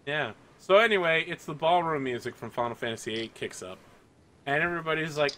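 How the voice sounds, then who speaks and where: A man's voice: medium pitch, fast talker, fairly bright tone. A man narrating a tabletop game as game master in a casual, chatty way. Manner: casual, chatty, many fillers.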